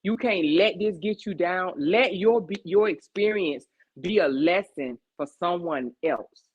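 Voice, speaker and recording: A woman's voice: lowish voice, measured pace, breathy edge. Emphatic woman host, preachy heart-to-heart advice, rhetorical check-ins, muffled lo-fi recording. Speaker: podcast host. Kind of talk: casual heart-to-heart chat.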